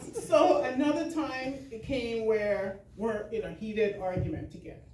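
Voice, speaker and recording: A woman's voice: fairly high pitch, steady tone, measured pace, a little mellow. A woman giving a keynote talk to a live audience, chatty and laughing often, with many fillers. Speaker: keynote speaker. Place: large hall with audience. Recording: echoey hall, mic far off, faint noise.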